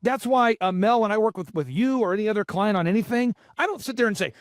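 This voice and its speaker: A man's voice: high voice, expressive, fast talker, few pauses, dry recording, clean studio sound. A man hosting a business podcast as a coach, talking emphatically, repeating key points and listing steps. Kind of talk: motivational podcast talk.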